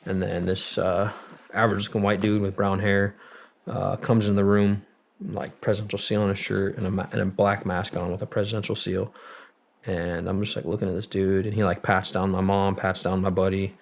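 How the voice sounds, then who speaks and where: Low gravelly guy, rambly storytelling, swears a ton. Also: little pitch movement, moderate pace. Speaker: interview guest. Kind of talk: casual storytelling.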